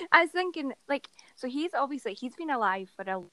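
A woman's voice: high voice, lively intonation, normal speed, crowd noise, poor audio. A woman co-hosting a podcast, chatting casually and playfully about a book, laughing often. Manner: giggly, playful. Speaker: podcast co-host.

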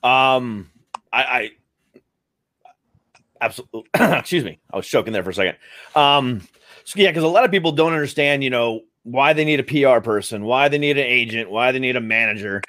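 A man's voice: medium pitch, fairly quick, a bit bright, no echo. A man hosting a livestream interview, asking questions in a casual way with many fillers. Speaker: interview host.

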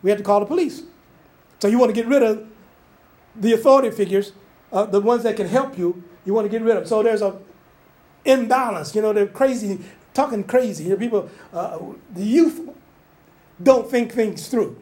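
An older man with a strikingly high voice preaches an informal sermon. He talks in a loose, conversational way, restarting his sentences and acting out the scripture as he goes. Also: moderate pace, long pauses, darkish tone.

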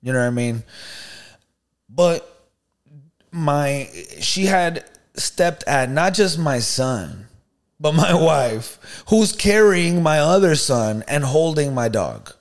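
A man co-hosting a podcast, telling a story in a lively, slangy way and often asking "you know what I mean". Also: fairly high pitch, slow pace. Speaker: podcast co-host. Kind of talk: casual storytelling chat.

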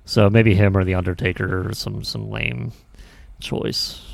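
A man's voice: lowish voice, steady tone, unhurried, vocal fry, no room sound. A man in his thirties co-hosting a podcast in easygoing casual chat, laughing often. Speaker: podcast co-host.

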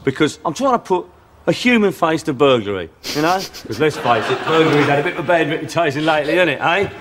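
An actor playing a dodgy, chatty male Cockney burglar who delivers a sales pitch in a Cockney accent and keeps adding "right?" to his lines. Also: expressive, quick pace, background noise, lightly acted. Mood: cheeky. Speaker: sketch character.

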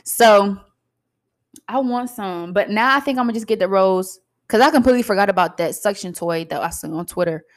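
A young woman co-hosting a podcast, chatting casually and bluntly, telling profane, animated stories. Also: mid-range voice, fairly quick. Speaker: podcast co-host. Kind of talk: casual chat.

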